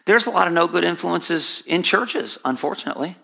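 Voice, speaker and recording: A bright, forceful male preacher with a gravelly edge delivers an emphatic sermon, repeating key phrases and climbing high when he stresses a point. His voice rings out with a long reverb, as in a large church sanctuary. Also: expressive, brisk. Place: church sanctuary, broadcast on air.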